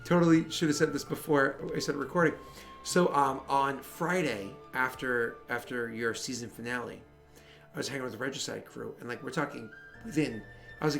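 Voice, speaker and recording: A man's voice: medium pitch, moderate pace, creaky, soft background music. A man running a tabletop game, chatting casually and telling a story with lots of swearing and acted-out reactions. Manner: animated storytelling, swears freely, acts out friends' reactions. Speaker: game master. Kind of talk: casual chat.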